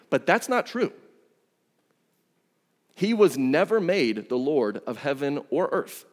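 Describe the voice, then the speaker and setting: A man preaches from the pulpit in a relaxed, conversational way, pressing hard on key phrases and slipping in casual asides. His voice sits in a middle pitch range. The sound rings with the long reverb of a church hall. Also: a little slow, long pauses. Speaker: pastor. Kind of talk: sermon. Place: church sanctuary.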